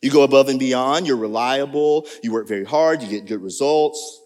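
A man preaching a sermon as pastor, animated, with sudden jumps in pitch. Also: moderate pace. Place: church sanctuary. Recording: long reverb of a church hall.

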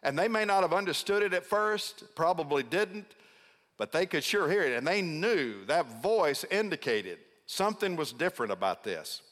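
A middle-aged man preaching a sermon as a pastor. He stresses key words by slowing down and calls on the congregation to answer back. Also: fairly high pitch, sing-song, fairly bright tone. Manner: emphatic, prompts congregation responses. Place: large church sanctuary. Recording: long hall reverb.

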